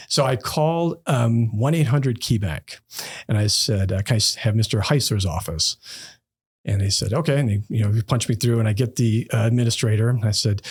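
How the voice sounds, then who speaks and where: Husky-voiced man telling stories casually. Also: medium pitch. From Northeast Ohio. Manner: conversational, many fillers, acts out quoted people. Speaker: bank executive, podcast guest. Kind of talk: casual storytelling interview.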